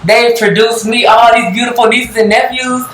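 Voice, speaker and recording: A young adult woman co-hosting a podcast, talking in an expressive, heartfelt way in casual chat. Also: on the high side, normal speed. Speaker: podcast co-host. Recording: echoey room.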